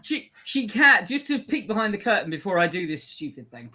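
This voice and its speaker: A woman's voice: medium pitch, very animated, brisk, pushed and bright. A woman co-hosting a casual podcast from her home office, playful and full of rambling asides. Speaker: podcast co-host.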